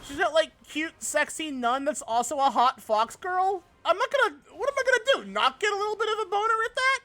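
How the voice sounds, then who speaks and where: A man's voice: very high voice, sing-song, brisk, pushed and bright. A young man streaming a game live, chatting casually, swearing freely and laughing often. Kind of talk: casual live-stream chat while gaming.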